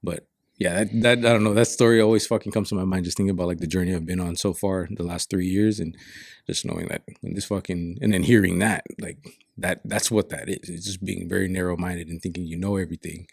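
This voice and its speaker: A man's voice: sits low, steady tone, fast talker, creaky, dry recording, studio quality. A man from Saipan telling stories in a casual chat, frank and reflective, swearing often. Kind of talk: casual storytelling.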